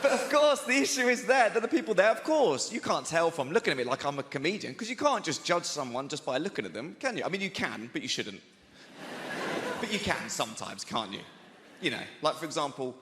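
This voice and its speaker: A man doing stand-up, telling self-deprecating stories in a lively way. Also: mid-range voice, brisk, very noisy. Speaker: stand-up comedian. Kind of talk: stand-up set. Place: large theater stage. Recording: theater hall reverb with crowd laughter.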